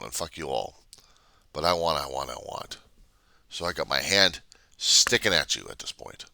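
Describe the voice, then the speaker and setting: A man with a low, gravelly voice and a sharp, cutting edge tears into a blunt, profane rant. His pitch swings widely as he hammers each point. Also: no echo. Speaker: vlogger. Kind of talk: angry ranting monologue.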